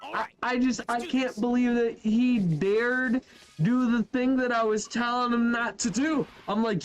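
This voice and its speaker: High-voiced young man chatting over gameplay. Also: measured pace. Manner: animated, chatty, says bro and yo, trails off mid-sentence. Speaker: gaming YouTuber. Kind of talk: casual let's-play commentary. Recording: faint game music behind.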